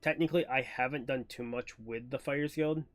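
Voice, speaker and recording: A man streaming a game, chatting casually and thinking aloud as he sorts through things. His voice sits at a middle pitch with an ordinary, unhurried delivery. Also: steady tone, dry recording. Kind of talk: casual gameplay commentary.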